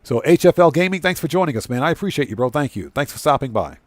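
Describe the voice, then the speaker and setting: A man's voice: a little high, lively intonation, fast, no room sound. Friendly male game streamer, dry sound. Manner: friendly, thanks viewers at length; laughs easily while signing off. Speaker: live stream host. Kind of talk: casual gaming live stream chat.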